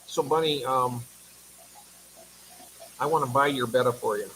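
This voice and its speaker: A man's voice: medium pitch, measured pace, bright, forceful tone, slight background noise, rough recording. A man hosting a casual livestream, chatty and affectionate, reading viewer comments aloud and sounding tired. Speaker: livestream host.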